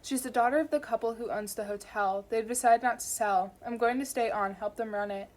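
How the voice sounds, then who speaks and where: A woman reading aloud, voicing a dismissive man in his thirties who is a rich heir, in a quiet, flat and curt tone. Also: a little high, brisk, lightly acted.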